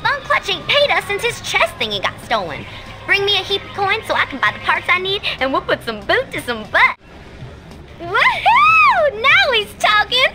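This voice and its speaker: A woman's voice: very high voice, sing-song, brisk, loud music behind the voice. An actress playing a folksy, rowdy female possum racer with a drawl, in a video game cutscene. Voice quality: twangy hick drawl.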